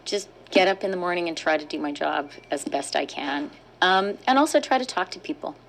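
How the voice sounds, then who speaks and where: A woman from Canada, a finance minister answering press questions in a measured way, pausing with fillers. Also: on the low side, lively intonation, vocal fry, a little hiss or hum, rough recording.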